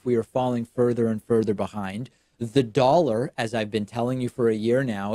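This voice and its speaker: Male show host, sardonic political commentary, mid pitch, dry mic. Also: dark tone, no room sound. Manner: emphatic, sardonic.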